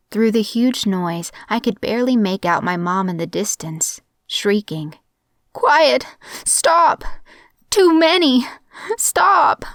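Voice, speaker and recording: A young woman reads a horror story in a measured, somber tone, her voice sitting a little low. The sound is dry and close, with no room around it. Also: no echo. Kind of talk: scripted horror narration.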